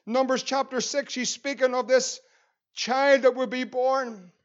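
A man's voice: very high-pitched, fairly even intonation, a little slow, dull audio. A man with a Northern Irish accent preaching a sermon as pastor, earnest and repeating phrases for emphasis.

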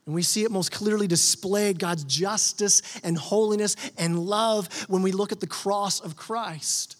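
Male pastor, higher voice, earnest conversational sermon, echoing church hall. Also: unhurried. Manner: earnest, conversational preaching with repeated restarts. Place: church sanctuary.

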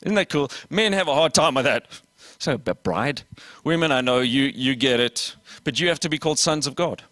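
A man preaching a lively sermon as pastor, voicing little dialogues and asking the congregation questions. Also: mid-range voice, normal speed, no echo. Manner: animated preaching with acted dialogue and audience questions.

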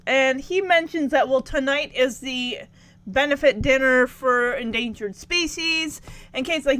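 Brief: high, bright woman, chatty recap with acted-out quotes, dry close sound. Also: unhurried, no echo. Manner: chatty, acts out characters' lines, incredulous asides. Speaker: commentator recapping a show. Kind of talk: casual recap commentary.

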